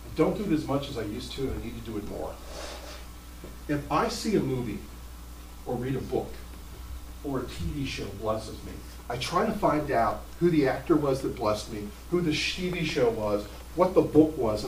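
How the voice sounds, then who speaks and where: A middle-aged male pastor delivering a sermon, telling stories in an animated, emphatic way with sudden jumps in pitch. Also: a little hiss or hum. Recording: roomy sound from a distant mic.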